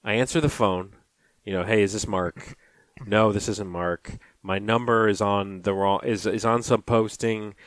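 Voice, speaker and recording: A man's voice: on the low side, fairly even intonation, unhurried, no echo. A man co-hosting a podcast, chatting casually and acting out phone calls as he tells a story. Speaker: podcast co-host. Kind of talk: casual chat.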